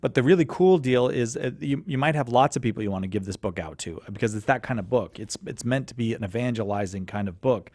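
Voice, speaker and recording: A man's voice: medium pitch, animated, quick pace, hardly any pauses, a little mellow, no room sound. A man hosting a live call-in radio show, talking casually, stumbling over his words and laughing at himself.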